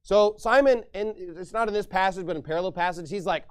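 A male pastor preaching a sermon and reading scripture aloud, emphatic, swinging from hushed asides to loud declarations. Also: sits high, a little fast, clear, resonant tone.

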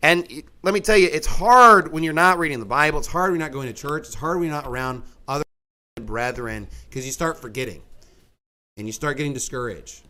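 A middle-aged man preaching a sermon in a folksy, animated way, with mocking asides and a conversational tone. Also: on the high side, brisk.

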